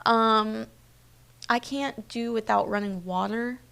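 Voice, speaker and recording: Chatty young woman news host, creaky voice. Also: on the high side, steady tone, slow pace, fairly bright tone. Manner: chatty, personal, with many fillers. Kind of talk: casual live-stream news chat.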